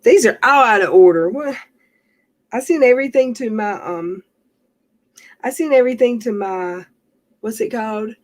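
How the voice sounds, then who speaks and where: A woman's voice: a little high, lively intonation, normal speed, pauses often. A woman hosting a casual livestream, chatting in a rambling way and laughing often. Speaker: livestream host.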